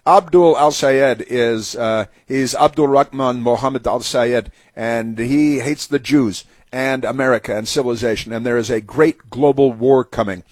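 A man's voice: medium pitch, unhurried, few pauses, a little mellow, dry recording. A man hosting a talk show, giving an indignant, sarcastic monologue full of fillers and restarts. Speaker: radio talk host. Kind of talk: opinionated talk radio monologue.

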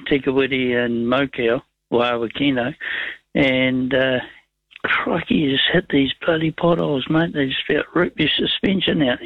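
A gravelly-voiced man with a New Zealand accent rambles through a yarn on talkback radio, folksy and full of slang. His voice comes over a dull, lo-fi line, with a dry sound and no room around it. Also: mid-range voice, dry recording. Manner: rambling storyteller, folksy slang, chuckles often. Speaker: caller. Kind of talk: casual talkback radio chat.

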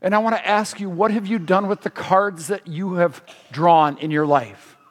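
A middle-aged man preaching to a congregation in a high, light voice. He keeps it conversational and often throws questions out to the listeners, and a long hall reverb trails every word. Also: normal speed. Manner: conversational, asks the audience questions. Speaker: pastor. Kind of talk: sermon.

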